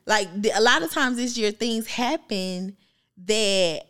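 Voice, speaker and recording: Young woman co-host, reflective and rambling, pitched a bit high. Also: takes it slowly, fairly bright tone, clear, resonant tone. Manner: rambling, lots of "like" fillers; candid and reflective. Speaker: podcast co-host. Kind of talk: casual chat.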